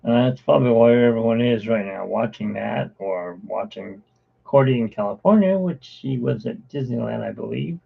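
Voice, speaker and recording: On a live art stream with tinny, phone-like audio, a man chats casually in a creaky, husky mid-range voice at a moderate pace. He rambles, drifting from one topic to the next.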